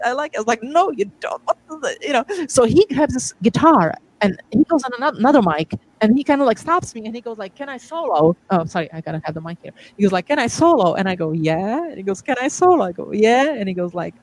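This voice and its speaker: The audio is poor, and the woman's voice sits fairly high. Guesting as a DJ in a casual interview, she animatedly recounts stories, voicing the quoted dialogue and frequently laughing and starting over.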